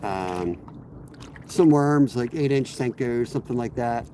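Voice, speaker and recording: A man with a cold-roughened, hoarse voice talks easily to his live audience while he fishes from a kayak. His pitch sits in an ordinary middle range, and he rambles from tip to tip. Faint water and boat noise hums behind him outdoors. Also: unhurried. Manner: rambling, relaxed, greets viewers by name. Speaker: fishing streamer. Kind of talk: casual live-stream chat while fishing.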